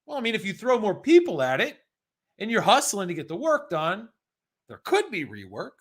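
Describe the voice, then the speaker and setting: An American man running a live-streamed exam prep lesson, chatty and energetic, reading out practice questions and answering viewers in the chat. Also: high voice, normal speed.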